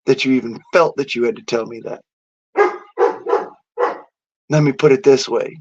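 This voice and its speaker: A man's voice: mid-range voice, normal speed, a little mellow. A man delivering a defiant, boastful rant to camera, swearing heavily. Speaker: vlogger. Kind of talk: profane angry rant. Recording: dull lo-fi audio.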